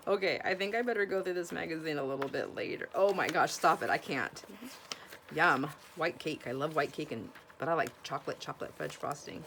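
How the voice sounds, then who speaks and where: Chatty low-voiced woman gushing over finds. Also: a little fast, a bit bright, a little hiss or hum. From Washington State, US. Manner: rambling, restarts sentences. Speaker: vlogger showing thrift finds. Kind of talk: casual chat to camera.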